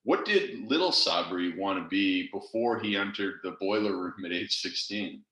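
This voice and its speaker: A man's voice: deep voice, animated, normal speed, pushed and bright. A male podcast host asking curious, conversational questions of his guest. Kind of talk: interview questions. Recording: echoey room.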